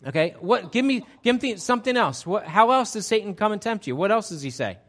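A man as pastor giving an interactive sermon, energetic and chatty with frequent restarts. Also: high-pitched, a little fast.

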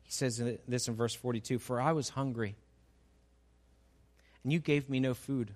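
A man's voice: mid-range voice, fairly even intonation, moderate pace, darkish tone. A man preaching a sermon, who reads scripture and acts out its dialogue with playful humor. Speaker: pastor.

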